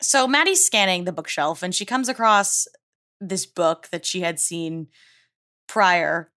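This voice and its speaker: Woman player, animated pitch, expressive and questioning. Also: unhurried. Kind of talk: tabletop role-play.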